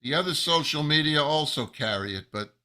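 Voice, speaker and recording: A man giving an angry, emphatic monologue as a rabbi, slow and building to loud outbursts. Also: on the high side, animated. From United States. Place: New Jersey.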